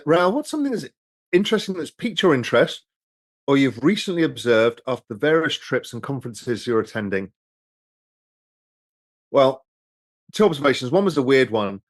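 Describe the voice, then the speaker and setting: A man hosting a relaxed live stream over drinks, answering viewer questions in a loose, rambling way and swearing freely. His voice sits at a middling pitch and is recorded close and dry, with no room echo. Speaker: host reading viewer questions.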